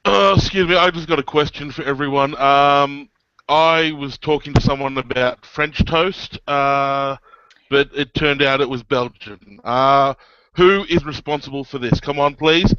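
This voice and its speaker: A man's voice: fairly high pitch, a little slow, sharp tone, smooth, no echo, highs cut off. A man improvising an indignant man who stammers and blusters. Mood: complaining. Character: indignant Australian man fussing over toast.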